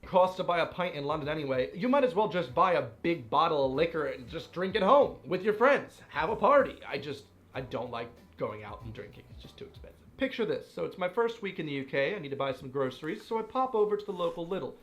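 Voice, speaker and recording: A young man telling stories in a casual commentary video, animated and playfully exasperated. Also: fairly high pitch, quick pace, hardly any pauses. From United States. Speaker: vlogger.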